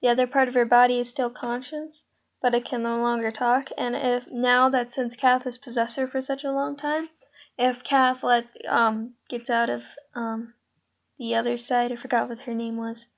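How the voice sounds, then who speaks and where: A woman's voice: fairly high pitch, little pitch movement, normal speed. A woman explaining a casting call to her viewers in a casual, rambling way, full of ums and trailing asides. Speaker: creator running a casting call. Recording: dull lo-fi home mic.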